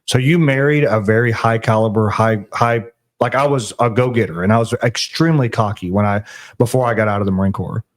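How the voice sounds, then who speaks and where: A man's voice: lowish voice, a little fast. A man co-hosting a casual Christian podcast, talking in an earnest, reflective way. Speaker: podcast co-host.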